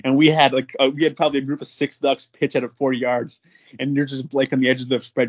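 A man's voice: medium pitch, lively intonation, normal speed. A young man from North Dakota, a podcast guest, telling a story casually and laughing often. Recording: slightly muffled lo-fi audio.

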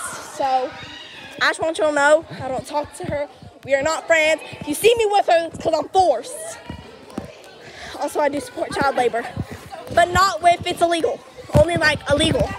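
A woman with a high voice chats on a walking podcast, hamming up every complaint in a playful, mock-dramatic way. She is recorded outdoors on a busy street with plenty of crowd chatter behind her. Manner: playful, over-dramatic joking. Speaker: podcast co-host. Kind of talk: casual podcast chat while walking.

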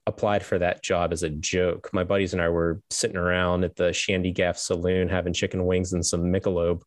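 A middle-aged man with a low voice tells his story as a guest on an interview show. He rambles, restarts his sentences and laughs now and then. The sound is dry, with no room echo. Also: level tone, fairly quick. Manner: rambling, self-correcting, laughs as he tells stories.

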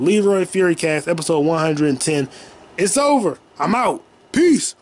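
A man in his twenties hosts a solo comedy podcast from his childhood bedroom, his voice sitting high with lively intonation at a moderate pace. He rambles and swears, now and then breaking into loud shouting.

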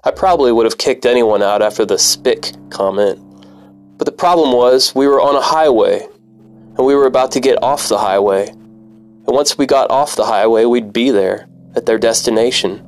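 A man's voice: medium pitch, normal speed, faint music behind. A man, a former cab driver, narrating a personal story in a bitter, profane, wry manner.

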